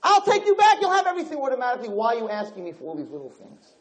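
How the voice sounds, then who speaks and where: A man's voice: a little high, animated, moderate pace, mellow, roomy sound, pitched above the performer's own voice, lightly acted. A man playing a pleading, grieving king. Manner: pleading, emotional. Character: grieving old king pleading with his lost son.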